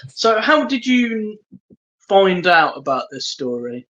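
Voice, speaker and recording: Podcast co-host, male, slow and hesitant trivia reader, muffled lo-fi audio. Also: sits high, very animated, fairly bright tone. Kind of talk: casual chat.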